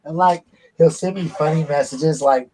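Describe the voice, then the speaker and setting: A man's voice: fairly high pitch, moderate pace, warm tone, a little hiss or hum, rough recording. A man, casually telling stories on his vlog and laughing at them. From United States. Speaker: vlogger. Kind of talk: casual storytelling.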